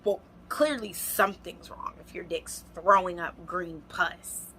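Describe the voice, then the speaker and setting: A woman's voice: on the low side, unhurried, sharp tone, a little hiss or hum. A young adult woman, animatedly telling a storytime vlog and speaking straight to her viewers. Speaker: vlogger. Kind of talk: storytime vlog, casual chat.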